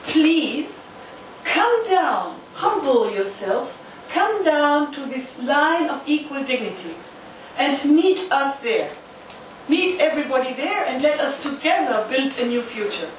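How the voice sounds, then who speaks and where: High-voiced woman lecturing in an echoey hall. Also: sing-song, takes it slowly. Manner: emphatic, uses volunteer demonstrations. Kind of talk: interactive lecture. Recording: echoey hall from far off, faint noise.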